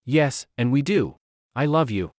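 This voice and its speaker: A man's voice: mid-range voice, expressive, unhurried, no echo, clean studio sound, close to an everyday voice. A man voicing an obsessive, lovestruck young woman with fire powers, talking in a clingy, possessive way. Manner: clingy, pleading then coldly possessive.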